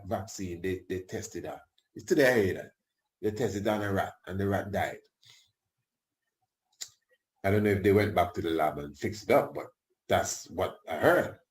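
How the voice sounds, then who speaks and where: Brief: male radio talk host, low register, loose colloquial rambling delivery. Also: moderate pace, darkish tone. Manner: rambling, colloquial, chuckles asides.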